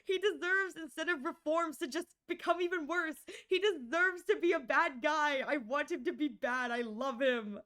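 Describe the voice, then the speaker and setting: A woman's voice: high voice, moderate pace, few pauses, a bit bright. A young woman streamer chatting casually with viewers, rambling and giggly, often mocking herself.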